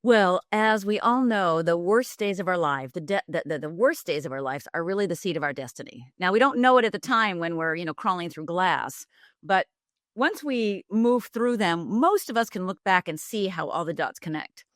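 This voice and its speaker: A middle-aged woman from Upper Michigan speaks in a lowish voice, retelling her life story vividly and acting out the people in it. Her voice is recorded dry and close, with no room sound around it. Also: lively intonation, moderate pace, no room sound. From Upper Michigan, USA. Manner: vivid, dramatic retelling with acted-out quotes. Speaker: guest, life coach. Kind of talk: candid storytelling interview.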